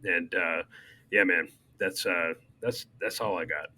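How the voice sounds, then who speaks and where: A man on a podcast with a lowish voice and a bright, forward tone speaks in a halting way. His talk is full of "you know" and trailing phrases as he remembers a friend. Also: breathy edge. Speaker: podcast co-host. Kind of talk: casual conversational tribute.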